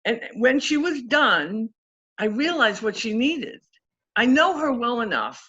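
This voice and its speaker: A woman with a fairly high voice tells stories in a casual interview and acts out the quotes with energy. The audio sounds a little dull and lo-fi. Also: unhurried, slightly rough. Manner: animated, acts out quotes in story. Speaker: guest coach.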